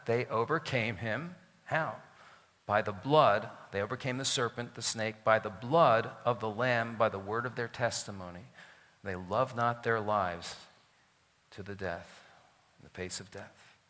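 Male pastor preaching emphatically, bright and forceful, long church reverb. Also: mid-range voice. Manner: emphatic, swings from loud declarations to quiet asides. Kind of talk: sermon.

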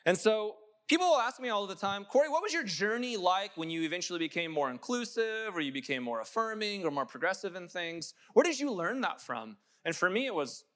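A man's voice: sits high, a bit bright. A young adult man preaching a sermon, impassioned and building to emphatic peaks. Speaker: pastor.

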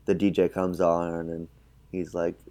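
A man's voice: deep voice, completely flat delivery, unhurried, dark tone. A man co-hosting a podcast, chatting loosely about a film with many likes and uhs. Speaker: podcast co-host. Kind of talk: casual chat recapping a film.

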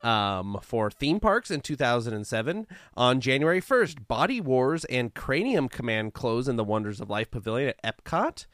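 A man co-hosts a casual podcast, reading out a run of dates and events with a self-mocking laugh. His voice is smooth and resonant. The sound is dry and close, with no room around it. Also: medium pitch, big pitch swings, moderate pace, few pauses, fairly bright tone, dry recording. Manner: laughs at himself, reads lists of dates and events. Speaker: podcast co-host.

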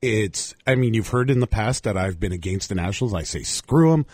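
A hoarse man from Montreal, losing his voice, passionately ranting as co-host of a casual sports chat. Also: on the low side, a little fast, a little mellow, dry recording, clean studio sound. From Montreal, Canada. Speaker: podcast co-host.

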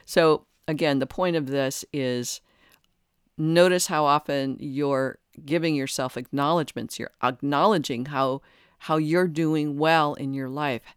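Podcast host, mid-pitched voice, earnest and searching, reflective monologue, dry close recording. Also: steady tone, a little slow, clean tone, no room sound. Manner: earnest, searching, many restarts.

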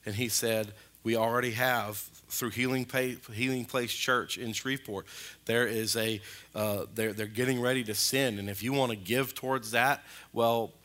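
In a church sanctuary, a pastor delivers his sermon with animated, colloquial energy. His voice keeps climbing and dropping in both pitch and volume.

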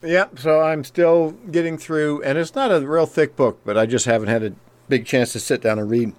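A man's voice: fairly high pitch, normal speed, a little mellow. A man co-hosting a podcast, chatting casually and rambling through a recommendation. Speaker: podcast co-host. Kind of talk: casual chat.

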